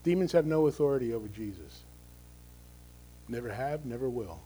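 A man's voice: medium pitch, animated, normal speed, dark tone, a little hiss or hum, low-quality recording. A male pastor giving a conversational, emphatic sermon, often checking in with the congregation through tag questions.

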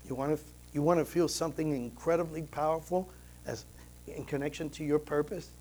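A man preaching to his congregation in an earnest, storytelling way, his voice sitting a little higher than most men's. He swings between loud, emphatic passages and hushed, quiet ones, while soft instrumental music plays faintly behind him. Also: fairly even intonation, brisk. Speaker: pastor. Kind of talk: sermon.

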